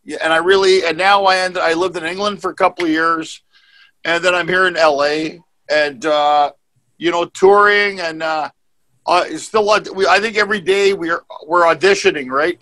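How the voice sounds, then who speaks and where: A stand-up comedian from Canada tells his story in a rambling, self-mocking way. His voice is bright and a little high for a man. He comes through a video-call mic. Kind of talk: casual panel chat.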